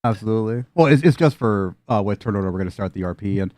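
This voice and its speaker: A man's voice: fairly low pitch, animated, fast, darkish tone. A man narrating a tabletop game as game master, casual and joking with frequent fillers.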